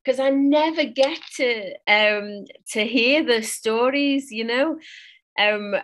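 A woman's voice: a little high, slow pace, fairly bright tone. A woman appearing as a psychic guest on a podcast, chatting in a gushing way and repeating herself. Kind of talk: warm conversational chat.

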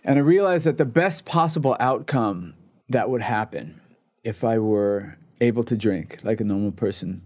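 A man's voice: fairly low pitch, normal speed, darkish tone, no echo, clean studio sound. A man in his forties from Pasadena, California, a podcast guest talking earnestly in casual interview talk, restarting words as he goes. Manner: earnest, repeats words when starting.

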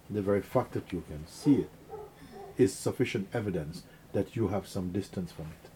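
A middle-aged man giving a spiritual talk to an audience. He speaks in an unhurried, earnest way and acts out quotes and vivid images. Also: low voice, mellow, a little hiss or hum. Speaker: spiritual teacher.

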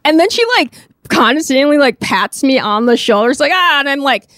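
A fairly high-voiced woman from Minnesota, telling a story as a guest on a talk show. She is animated and laughs often, with loose filler words throughout. The room is dry and close, with no echo. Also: fairly quick. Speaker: podcast guest, crop artist. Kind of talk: casual storytelling.

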